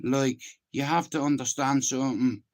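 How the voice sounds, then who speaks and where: A man's voice: mid-range voice, steady tone, moderate pace. Emphatic Irish man around fifty. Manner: emphatic, keeps asking "do you understand?", swears freely. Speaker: channel host. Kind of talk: casual monologue to camera.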